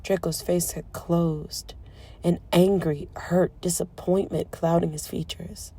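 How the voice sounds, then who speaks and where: A woman narrating a romance audiobook in a soft, emotive storytelling manner. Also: lowish voice, steady tone, takes it slowly, slightly rough. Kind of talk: scripted narration.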